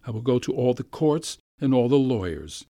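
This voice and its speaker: A man's voice: medium pitch, big pitch swings, normal speed, dark tone, dry recording, clean studio sound, voice pushed up. A man voicing a trembling young governess. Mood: anxious. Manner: trembling, tearful pleading. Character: young woman governess, frightened and ashamed.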